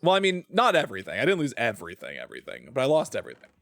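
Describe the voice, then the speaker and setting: Lively dejected male game streamer. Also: medium pitch, rapid-fire, no echo. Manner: talks to himself, groaning and sighing over losses. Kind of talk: casual gaming livestream commentary.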